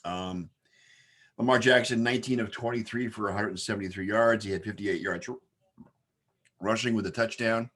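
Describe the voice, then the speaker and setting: Low-voiced man rattling off stats. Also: fairly even intonation, moderate pace, long pauses, fairly bright tone. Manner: rattles off game stats with many fillers. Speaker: podcast host. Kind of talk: casual sports podcast chat.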